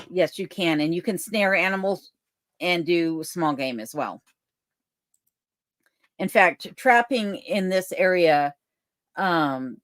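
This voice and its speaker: A woman hosting a live stream from her home, reading viewer comments aloud and chatting back in a relaxed, easygoing way. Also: sits low, dry recording, studio quality. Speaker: livestream host reading chat comments. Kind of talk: casual live chat. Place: home in remote Alaska. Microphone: desk microphone.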